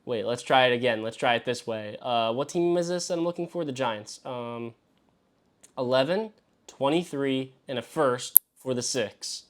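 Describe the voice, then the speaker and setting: A man hosting a live stream as he works through a mock draft, talking to himself and swearing freely. He swings between exasperated yelps and low mutters. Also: normal speed. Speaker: fantasy football show host. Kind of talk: live-streamed solo commentary.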